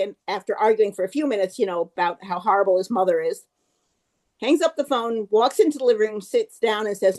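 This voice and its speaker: A woman telling a long joke at a club meeting, in a lively storytelling manner. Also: mid-range voice, brisk.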